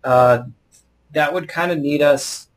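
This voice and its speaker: A man's voice: fairly high pitch, slow, low-quality recording. A man from Canada co-hosting a podcast, laid-back with lots of fillers and dry quips. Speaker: podcast co-host. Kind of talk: casual podcast chat.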